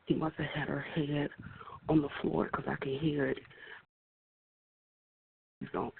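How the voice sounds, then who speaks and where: A man's voice: mid-range voice, vocal fry. Frightened man whispering on a phone line. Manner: hushed, halting, partly whispered. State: frightened, shaken. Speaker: 911 caller. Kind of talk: emergency phone call. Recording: noisy tinny phone line.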